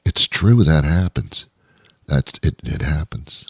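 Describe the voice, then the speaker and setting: In a clean, echo-free studio, a bass-voiced man hosts his own show, speaking slowly but with animation. His comic monologue rambles along, full of wry asides and interrupting himself.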